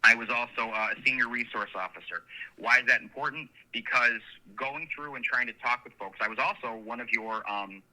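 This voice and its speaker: Bright-voiced man telling stories by phone. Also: mid-range voice, fairly quick. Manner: long anecdotes, earnest and animated. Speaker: sheriff candidate, guest. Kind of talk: casual interview storytelling. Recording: phone line.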